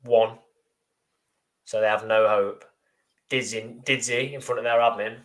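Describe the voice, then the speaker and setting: A man with a fairly low voice co-hosts a live football fan show. He chats casually, reads out viewer comments and slips in dry, deadpan jokes. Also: unhurried. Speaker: podcast co-host.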